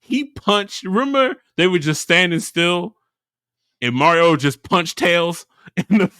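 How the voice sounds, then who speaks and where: Animated, high-voiced man retelling a story. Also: slow, smooth, no echo, studio quality. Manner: animated storyteller, laughs a lot, acts out characters. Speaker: podcast co-host. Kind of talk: casual chat.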